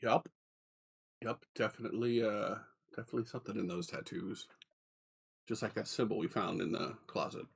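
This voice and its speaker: A man playing a priest in a tabletop game, making quick, offhand remarks. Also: lowish voice, steady tone, creaky, slightly rough. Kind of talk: tabletop role-play chat.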